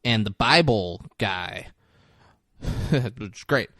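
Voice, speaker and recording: A man's voice: lowish voice, animated, takes it slowly, a bit bright, no echo, clean studio sound. Profane man rambling through a movie recap. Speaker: podcast co-host. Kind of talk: casual movie recap chat.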